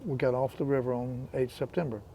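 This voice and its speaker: A man's voice: mid-range voice, level tone, brisk, gravelly, mellow, a little hiss or hum. A man in his eighties, a veteran paddler and interview guest, telling stories in casual chat with a teasing manner and frequent laughter. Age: 80s. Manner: teasing storyteller, laughs often.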